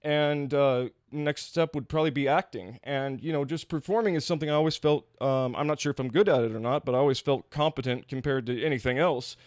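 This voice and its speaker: A man's voice: medium pitch, fairly quick, few pauses, darkish tone, no room sound, clean studio sound. A young man from Kentucky, a former pro wrestler, telling stories as a guest in a loose, casual chat full of "like" and "uh", often laughing.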